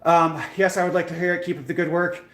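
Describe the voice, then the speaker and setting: A young man, a fitness streamer, chats casually on a live stream, telling a rambling, self-deprecating story packed with fillers. His voice sits on the high side with a level tone, a quick pace and a slightly bright quality. The room is echoey.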